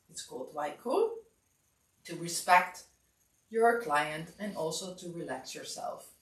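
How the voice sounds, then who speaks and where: A woman teaching a massage class, giving calm step-by-step instructions in a relaxed, drowsy way. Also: on the low side. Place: warm room. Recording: echoey room, distant mic.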